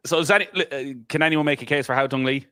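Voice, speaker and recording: A man's voice: a little high, quick pace, bright, forceful tone, slight background noise. A man on a golf podcast panel chatting casually and telling stories from the course. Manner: chatty storyteller, mimics crowd voices.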